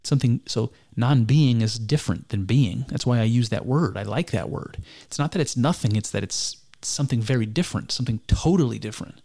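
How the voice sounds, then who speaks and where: A man's voice: mid-range voice, a little fast, few pauses, dark tone. A man giving a reflective spoken commentary on a text, earnest and musing, often stopping to restart his sentences. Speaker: speaker discussing mysticism.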